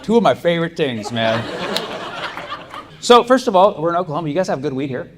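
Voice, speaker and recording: A man with a fairly high voice talks fairly quickly as he does stand-up on a comedy club stage. He tells loose, rambling stories full of fillers and restarts. It's a live club recording with steady background noise and audience ambience.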